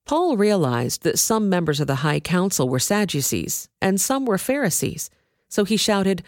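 A woman's voice: very animated, no room sound, studio quality. A woman reading a scripture passage aloud as scripted narration, lifting her voice for the quoted speakers. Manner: measured, lifts pitch for quoted speech. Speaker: scripture reader.

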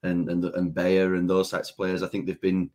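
A man chats about football in an easygoing way. His voice is very low, and he hedges often as he talks. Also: little pitch movement, moderate pace, a little mellow. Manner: easygoing, hedging with "you know" and "to be fair". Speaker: podcast co-host. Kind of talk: casual football podcast chat.

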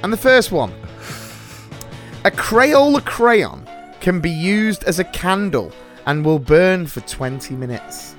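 A man hosts a banter podcast, his voice fairly high and bouncing all over the place. He is excitable and jokey, and soft music plays underneath. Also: takes it slowly. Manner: excitable, jokey, laughs at his own jokes. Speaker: podcast co-host.

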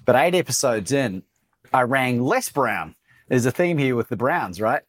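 A man's voice: medium pitch, measured pace. An Australian man, a coach, telling a personal story as a guest in a podcast interview and acting out the lines of others. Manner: animated storyteller, acts out quoted dialogue.

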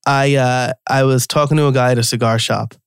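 A man from New York hosting a podcast interview, chatty and quick to laugh, with lots of ums and restarts. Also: medium pitch, steady tone, clean tone, no echo, clean studio sound. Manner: chatty, laughs easily, many fillers. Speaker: podcast host. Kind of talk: casual interview chat.

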